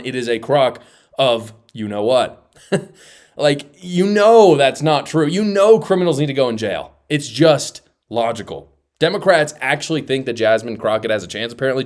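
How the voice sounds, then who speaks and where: A man hosting a political commentary show, blunt and mocking in his opinions. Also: mid-range voice.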